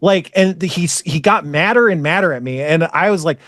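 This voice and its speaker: A man's voice: fairly high pitch, moderate pace, fairly bright tone, no echo, clean studio sound. A man hosting a podcast, telling a story in casual chat, rambling and profane, often exasperated and full of "like" fillers. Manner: frequent "like" fillers. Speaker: podcast host.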